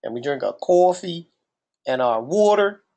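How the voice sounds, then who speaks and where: Rambling Jersey man, slightly high voice. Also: animated, a little slow, darkish tone. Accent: New Jersey. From New Jersey. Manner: rambling, questioning. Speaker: podcast co-host. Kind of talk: casual podcast chat.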